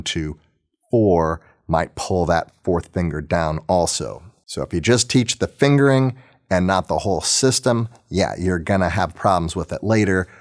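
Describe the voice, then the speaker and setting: Male orchestra teacher, very low voice, practical and encouraging in a video lesson. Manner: practical, encouraging, with casual fillers.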